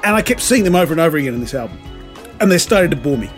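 A man's voice: a little high, sing-song, racing. Rambling, swearing male music reviewer. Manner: rambling, swears casually, many restarts. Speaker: podcast co-host. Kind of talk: casual music review chat.

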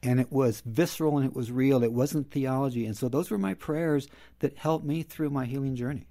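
A middle-aged man talks earnestly on a roundtable. His voice is warm and mellow. When he repeats his simple prayers, he grows quiet and tender. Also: medium pitch, brisk. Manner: earnest and personal, drops soft when quoting his prayers. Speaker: guest. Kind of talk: reflective roundtable talk.

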